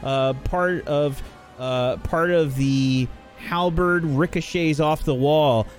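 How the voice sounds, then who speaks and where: A man's voice: fairly high pitch, slow pace, soft background music. A man narrating scenes and calling turns as game master of a tabletop game, with frequent fillers.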